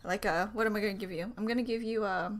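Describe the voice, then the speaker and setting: A woman host reacting casually to a video, gushing and excitable, laughing often and chatting to her viewers. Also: mid-range voice, fast talker. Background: faint music from the video she watches.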